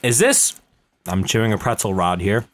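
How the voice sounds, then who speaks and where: A man chatting casually, cracking deadpan jokes and quick questions. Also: on the low side. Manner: wisecracking, quick interjections and deadpan quips. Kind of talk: casual comedic chat.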